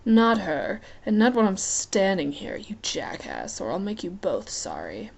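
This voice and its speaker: A woman's voice: medium pitch, wildly swooping pitch, a little slow, creaky, exaggerated voice. A woman doing a fierce jealous underworld queen. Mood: angry. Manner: sharp scolding.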